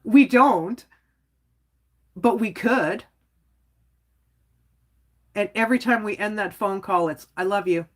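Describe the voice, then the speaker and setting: Slow and full of long pauses, this livestream host's mid-range voice carries her loose, candid chatter. She wanders from point to point, peppering it with "like" and little chuckles.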